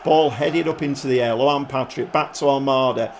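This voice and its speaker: A man commentating his football management game like a pundit, breaking into excited outbursts at the goals. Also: mid-range voice, normal speed, a little hiss or hum. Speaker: gaming YouTuber.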